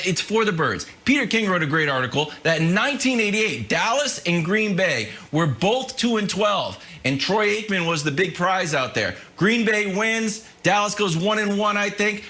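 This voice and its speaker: A man co-hosting a sports debate show, arguing his point with animated, mocking impressions. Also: high voice, normal speed, few pauses.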